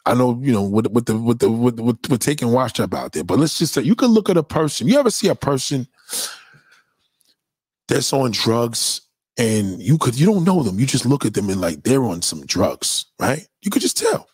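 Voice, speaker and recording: Husky, blunt-talking man ranting. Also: mid-range voice, big pitch swings, moderate pace, darkish tone, dry recording. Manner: blunt, profane and emphatic, often repeating himself. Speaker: commentator. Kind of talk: casual opinion rant.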